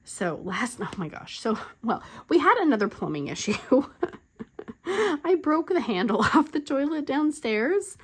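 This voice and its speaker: A woman's voice: high-pitched, big pitch swings, unhurried, husky. A middle-aged woman hosting a crafting channel, telling stories in casual chat, rambling with lots of "like" fillers and frequent laughs. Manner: chatty, rambling, full of "like" fillers.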